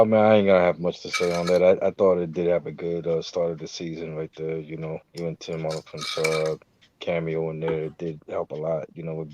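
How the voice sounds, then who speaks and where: A man's voice: rumbling low, warm tone, muffled recording, a little hiss or hum. A man co-hosting a review show, talking laid-back in casual chat with drawling fillers. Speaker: co-host reviewer.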